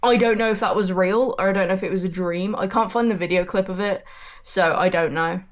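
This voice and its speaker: A woman chats casually to her camera at a middle pitch, vlog-style and unpolished. She rambles and restarts her sentences, swears without a second thought, and speaks bluntly. She sounds like she is sitting in an ordinary room at home. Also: fairly quick. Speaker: vlogger. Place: messy bedroom indoors.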